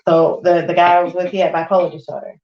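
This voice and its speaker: A woman co-hosting a casual chat, telling relationship stories with lively acted-out quotes and frequent laughter. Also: on the low side, fast talker, roomy sound, dull audio. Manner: animated storyteller, acts out quotes, laughs often. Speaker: podcast co-host.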